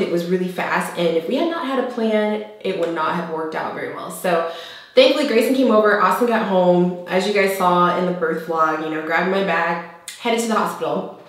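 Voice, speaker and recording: A young woman vlogger telling a personal story to camera in a casual, chatty way, jumping up high when she acts out quoted lines. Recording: very echoey room.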